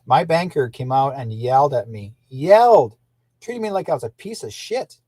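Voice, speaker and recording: An older man with a husky voice rambles indignantly through his livestream, repeating himself and restarting sentences. His voice is recorded close and dry. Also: medium pitch, animated, normal speed, mellow, dry recording. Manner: indignant, repetitive, restarts often. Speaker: livestream host.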